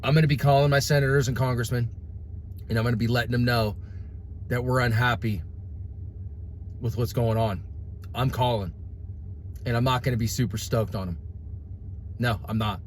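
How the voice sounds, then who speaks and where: A man's voice: mid-range voice, moderate pace, long pauses, slight background noise. A man ranting to his followers in a blunt, casual way, calling people bro and dude and praying aloud. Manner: preachy, prays aloud. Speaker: vlogger. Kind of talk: impassioned rant to followers.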